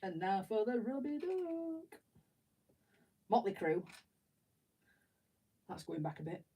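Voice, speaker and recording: Husky, mellow-voiced English woman chatting. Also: medium pitch, sing-song, slow, recorded from a distance, rough recording. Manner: chatty, rambling storyteller who laughs often. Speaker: streamer. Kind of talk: casual chat while building. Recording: voice a bit away from the mic.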